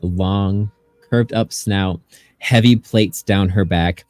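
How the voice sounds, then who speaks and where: A man narrating as game master, describing scenes in a relaxed way and asking players what they do. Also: deep voice, slow, no echo, soft background music.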